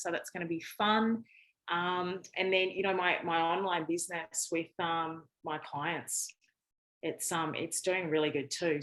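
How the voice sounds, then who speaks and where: A woman's voice: on the low side, fairly bright tone, poor audio. A woman from Australia with an Australian accent, a podcast guest talking in a chatty, frank way with lots of fillers. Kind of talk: casual interview chat.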